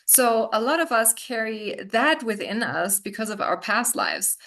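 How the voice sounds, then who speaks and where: A woman's voice: fairly high pitch, animated, unhurried, fairly bright tone. A woman guest who works as a hypnotherapist and healer, talking confidently and emphatically in a casual podcast chat. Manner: confident, emphatic, laughs easily.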